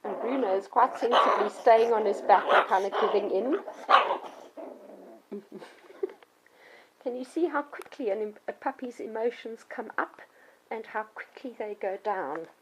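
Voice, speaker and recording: A woman in middle age talks children and their parents through puppy training in a clear, patient voice. She sits at an ordinary middle pitch and sometimes breaks into sudden yelps or high children's voices to make a point. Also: unhurried, pauses often, a little hiss or hum, rough recording. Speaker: dog trainer. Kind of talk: instructional talk to children and parents.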